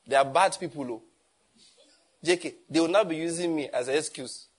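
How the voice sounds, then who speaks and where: A man preaching a sermon as pastor, animated and emphatic, often firing rhetorical questions. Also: a little high, a little fast.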